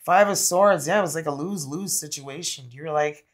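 A woman's voice: sits low, normal speed. A Canadian woman giving a casual, rambling tarot reading to camera, with lots of fillers and laughter. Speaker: tarot reader.

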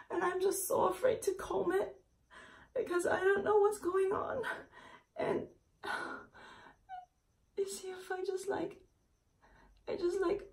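A woman vlogging to camera in a panicky, breathy way, often close to tears. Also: very high voice, steady tone, unhurried, pauses often, darkish tone. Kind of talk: distressed casual vlog to camera. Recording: voice a little far from the mic.

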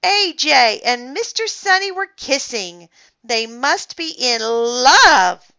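A young schoolboy in a singsong, teasing tone, as a woman reading a storybook puts him on, a touch higher and slower than her narration. The slightly dull lo-fi recording softens the edges. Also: big pitch swings, heavily acted.

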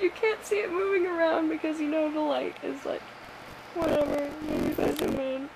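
A woman's voice: high voice, wildly swooping pitch, moderate pace, gravelly, a little mellow. A young woman filming herself with a phone in her bedroom, panicking and laughing nervously as she talks. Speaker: vlogger. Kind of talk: casual phone video. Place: bedroom at night. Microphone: phone camera. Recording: noisy home phone recording.

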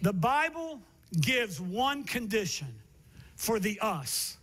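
A male pastor preaching a sermon, telling stories from his youth and building to emphatic, shouted passages. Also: high-pitched, very animated, takes it slowly. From Miami area, United States.

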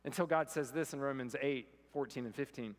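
A man's voice: medium pitch, fairly quick. American preacher man, big hall echo. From United States. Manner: storytelling, self-deprecating humor. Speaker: pastor. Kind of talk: sermon. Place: church sanctuary.

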